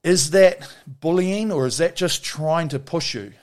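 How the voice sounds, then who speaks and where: A man's voice: fairly high pitch, a little slow. Blunt, foul-mouthed New man. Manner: blunt, swears freely, animated storytelling. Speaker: interview guest, former Olympic rower. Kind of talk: casual interview chat.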